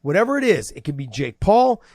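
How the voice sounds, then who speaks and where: A man and former fighter co-hosting a casual podcast, excited and talking fast, acting out quoted lines. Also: high-pitched, no echo, studio quality.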